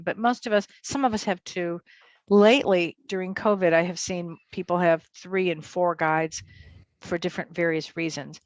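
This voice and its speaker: A woman, a psychotherapist, telling a personal story in a talk-show interview, animated and acting out voices. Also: no echo, dull audio. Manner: animated, acts out quotes in high voices. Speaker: psychotherapist and medium guest.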